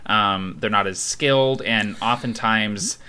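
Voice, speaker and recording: A man's voice: fairly low pitch, slow pace, pushed and bright, clean tone. A man talking casually on a gaming podcast, playful and ready with goofy bits. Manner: playful, does goofy voices. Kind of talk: casual discussion.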